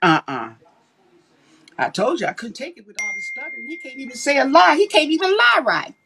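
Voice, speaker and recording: A woman's voice: high-pitched, very animated, brisk, gravelly, a crowd in the background, poor audio. A woman, talking animatedly and emphatically on a casual livestream. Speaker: livestream co-host.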